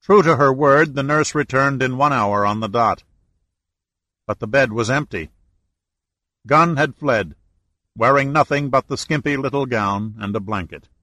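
A man narrating an adventure novel as an audiobook reader, in steady storytelling. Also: mid-range voice, a little slow, pauses often, no room sound. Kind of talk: scripted narration.

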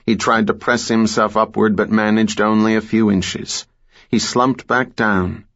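A man narrating a thriller audiobook in a measured, steady way. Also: fairly low pitch, muffled recording.

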